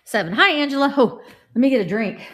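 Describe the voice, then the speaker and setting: A woman's voice: high voice, lively intonation, fast talker, a bit bright. Middle-aged female vintage reseller, chatty and rambling, hosting a live stream at home. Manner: chatty, rambling, greets viewers while showing items. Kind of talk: casual live-stream chat.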